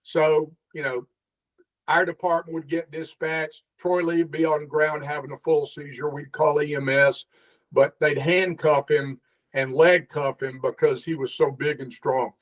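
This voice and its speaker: A man's voice: fairly high pitch, measured pace. Middle-aged man telling cop stories. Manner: animated storyteller, acts out the dialogue. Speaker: guest, former police officer. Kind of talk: casual storytelling interview. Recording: dull lo-fi sound.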